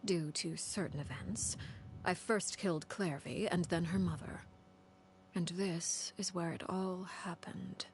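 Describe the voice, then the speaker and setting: An actress playing a cold, calculating woman leader in a game, speaking in a calm, measured, commanding way. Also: fairly low pitch, slight background noise. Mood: solemn. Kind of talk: game voice acting. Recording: game audio with music.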